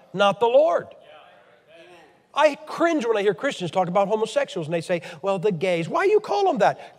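A man's voice: sits high, big-room sound. An American man from Ohio preaching a blunt, emphatic, scolding sermon to a church meeting. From Ohio, USA.

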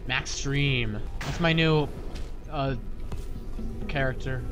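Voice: medium pitch, lively intonation, unhurried, music in the background. Playful, rambling gameplay commentator. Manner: playful, rambling, jokey asides. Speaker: video game let's player.

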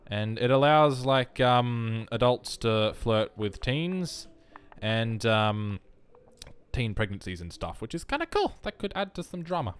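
A man's voice: medium pitch, animated, measured pace, clean tone. A young man giving wry, self-mocking commentary while playing a life-simulation game. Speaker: let's play host. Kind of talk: casual gameplay commentary.

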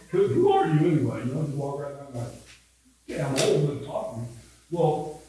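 A man's voice: a little high, darkish tone. A man in his seventies with a Midwestern American accent, a pastor telling rambling, self-mocking stories in a casual Bible study. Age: 70s. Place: church room. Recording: echoey room, mic far off.

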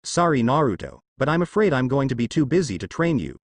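A man reading the lines of a calm, evasive adult ninja teacher in a fan fiction, in a dry close sound. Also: mid-range voice, fast, no room sound.

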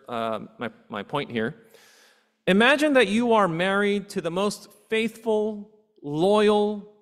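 A man's voice: sits high, a bit bright. A man pastor preaching a sermon earnestly, asking his congregation rhetorical questions. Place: church sanctuary. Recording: long hall reverb in a church.

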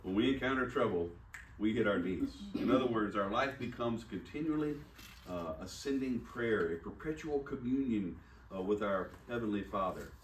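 A man's voice: lowish voice, expressive, normal speed, slight background noise. Man preaching casually in an echoey hall. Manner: conversational, self-deprecating, acts out dialogue. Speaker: pastor. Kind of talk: sermon with personal storytelling. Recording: echoey room, mic at a distance.

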